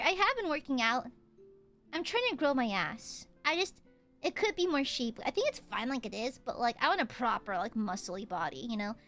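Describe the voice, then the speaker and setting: Bubbly high-voiced woman streamer, slightly hoarse. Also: very animated, a little fast, a bit bright, faint music behind. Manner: playful, bubbly, jokey, repeats greetings. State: slightly hoarse, sore throat. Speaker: VTuber streamer. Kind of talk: casual livestream chat.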